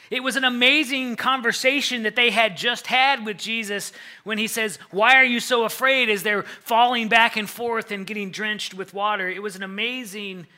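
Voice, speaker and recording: A man's voice: high voice, pushed and bright. A man retelling a Bible story as a sermon, dramatizing the scene with rising urgency.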